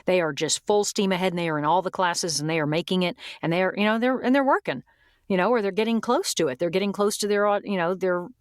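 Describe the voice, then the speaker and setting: Woman, voice coach, straight-talking and chatty, lowish voice, dry close mic. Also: fast talker, dry recording. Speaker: voice actor and coach, guest. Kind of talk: casual podcast interview.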